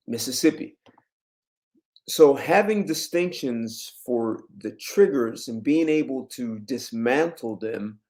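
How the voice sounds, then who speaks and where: A man giving relationship advice to camera in an emphatic, lecturing way, jumping up in pitch on key words. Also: a little mellow. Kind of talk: direct-to-camera commentary.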